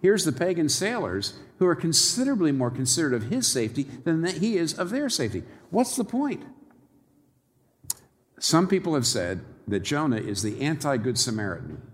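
A man preaching a sermon in an animated, wry way, often chuckling at his own irony. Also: a little high, normal speed, in a large hall.

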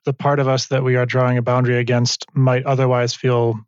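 A man interviewing in a reflective conversation, soft and affirming, asking probing follow-ups. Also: medium pitch, completely flat delivery, brisk, clean tone, dry recording, highs cut off.

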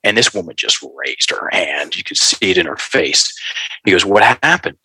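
A man telling a story in an animated, folksy way, calling his listeners folks. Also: low voice, moderate pace, breathy edge, no echo, poor audio. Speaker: guest.

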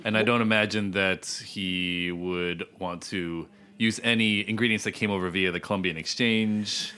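Man, very deep voice, bright and forceful tone, short dry interjections, casual chat. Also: fairly even intonation, moderate pace, clean tone.

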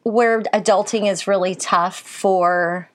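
Woman co-host, casual chat, candid and easygoing, quick to laugh. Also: medium pitch, steady tone, slight background noise.

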